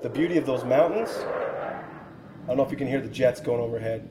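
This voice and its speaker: A man's voice: mid-range voice, quick pace, mellow, reverberant, a little hiss or hum. A man in his forties, a military pilot guest, telling a war story in an earnest, reflective way on a podcast. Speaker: guest, Air Force helicopter pilot and author.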